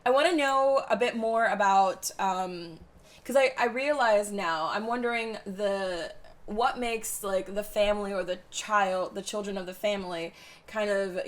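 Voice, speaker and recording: A woman's voice: medium pitch, measured pace. A woman co-host in a casual interview, thinking aloud with fillers.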